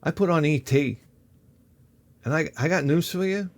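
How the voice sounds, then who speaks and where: Rambling, animated man in his fifties. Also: a little high, moderate pace. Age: 50s. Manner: animated, swears freely, jumps between tangents. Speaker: vlogger. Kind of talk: rambling comic storytelling.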